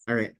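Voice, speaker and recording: A man, a journalist and advocate, speaking frankly and openly on a video call, laughing easily. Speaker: journalist and advocate joining the meeting. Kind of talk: casual comment on a video call.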